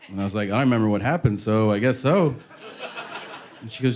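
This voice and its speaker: A man doing a stand-up set, telling stories with animated shouted voices. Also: mid-range voice, fairly quick, long pauses. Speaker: stand-up comedian. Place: large venue with audience. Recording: live hall with crowd noise.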